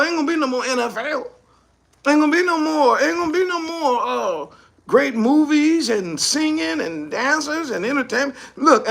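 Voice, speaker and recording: High, gravelly man ranting forcefully. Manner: mocking rhetorical questions, acts out imagined speakers; forceful, often shouting. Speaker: ministry speaker. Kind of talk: impassioned commentary monologue.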